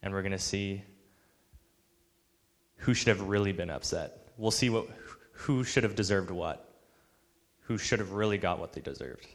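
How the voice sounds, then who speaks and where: A man delivers an earnest sermon in a fairly low voice. He slips into the voices of the people he quotes. A long reverb trails behind him, like a large church hall. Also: normal speed, long pauses. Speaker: pastor.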